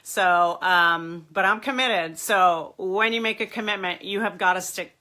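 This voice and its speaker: Nasal, stuffy-nosed woman, bright voice. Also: medium pitch, moderate pace. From Southern California. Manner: chatty, encouraging, talks to viewers directly. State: stuffy nose, sick. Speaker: marriage and family therapist. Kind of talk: casual live video talk.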